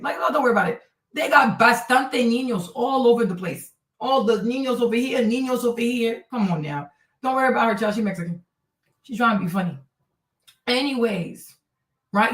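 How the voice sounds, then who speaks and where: A woman hosting a live stream, reacting to video clips in an animated, mocking way and tossing in Spanish words. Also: on the high side. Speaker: streamer host. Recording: roomy, distant from mic.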